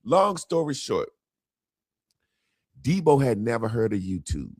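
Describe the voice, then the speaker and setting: A man on a casual talk show telling a funny story about an old friend, animated and laughing, swearing freely. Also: medium pitch, unhurried, husky, dry recording, clean studio sound. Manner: animated, laughing, profane, quotes friends in lively voices. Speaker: podcast co-host.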